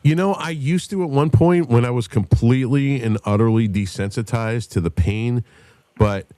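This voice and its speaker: A man telling a wild story in casual podcast chat, profane and animated, acting out what others said. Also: medium pitch, normal speed, no echo. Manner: profane, animated storyteller who shouts when quoting others. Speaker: podcast host.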